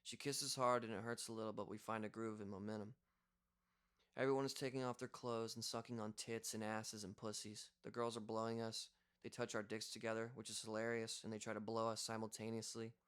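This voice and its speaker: A man's voice: fairly low pitch, level tone, fairly quick, fairly bright tone, clear, resonant tone. A young man reading a first-person audiobook in a casual, conversational way. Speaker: audiobook reader.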